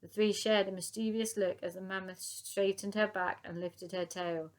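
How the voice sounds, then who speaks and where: A woman reading a children's book aloud in a lively, expressive way, chapter by chapter. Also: mid-range voice, normal speed. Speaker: storybook reader.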